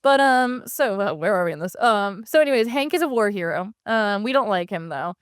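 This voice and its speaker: A woman's voice: mid-range voice, animated, fairly quick, clear, resonant tone, no echo. Woman co-host recapping, dry close mic. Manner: recaps story with fillers and restarts. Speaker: podcast co-host. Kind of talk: casual chat.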